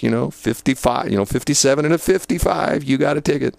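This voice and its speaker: A man's voice: mid-range voice, fast, gravelly, no room sound. A man and former police dispatcher telling old work stories in a rambling, casual way, full of fillers and laughter. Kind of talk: casual storytelling.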